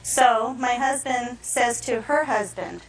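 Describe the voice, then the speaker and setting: Animated woman testifying in an echoey courtroom. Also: on the high side, takes it slowly, distant mic. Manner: animated retelling with acted quotes. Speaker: defendant.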